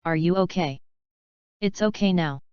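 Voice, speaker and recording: A woman reading the lines of a weary young male martial artist who reassures his friends gently. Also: lowish voice, moderate pace, clear, resonant tone, no room sound, highs cut off, natural voice. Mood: reassuring.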